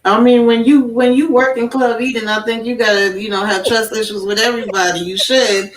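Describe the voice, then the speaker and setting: A woman's voice: a little high, fairly even intonation, brisk, a crowd in the background. A woman panelist in a casual online discussion, recounting a scene with a laugh in her telling. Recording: roomy and distant from the mic.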